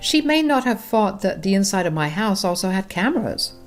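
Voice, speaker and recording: A woman's voice: mid-range voice, sing-song, a little fast, faint music behind. A woman narrating a first-person family drama, talking directly to her listeners in a conversational way. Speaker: storyteller.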